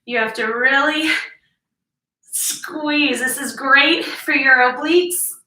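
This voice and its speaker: Breathy high woman coaching a workout. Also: slow, pushed and bright, slight background noise. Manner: encouraging, counts reps, explains form. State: out of breath, sighing between sets. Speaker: fitness instructor. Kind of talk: workout instruction. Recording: echoey room, mic at a distance.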